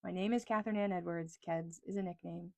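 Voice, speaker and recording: A woman's voice: lowish voice, fairly even intonation, fast, gravelly, darkish tone. Chatty, frank woman economist from East Texas. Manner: chatty, self-deprecating, frank. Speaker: economist and video creator. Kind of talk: casual talk to camera. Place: small closet. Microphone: lapel mic clipped on a pencil.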